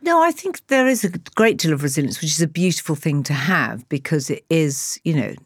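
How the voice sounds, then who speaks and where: Low-voiced woman telling stories. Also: fairly quick, slightly rough, no echo. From England. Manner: animated, acts out voices in her anecdotes, laughs often. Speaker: guest. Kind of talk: candid conversational storytelling.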